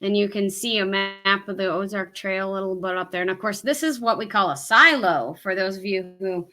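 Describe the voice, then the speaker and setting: A woman with a Southern US accent chats loosely through a hiking livestream, full of ums and restarts. Her voice has a bright, forward tone at an ordinary middle pitch. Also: a little fast. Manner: chatty, rambling, with frequent ums and laughs. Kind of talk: casual live-stream chat.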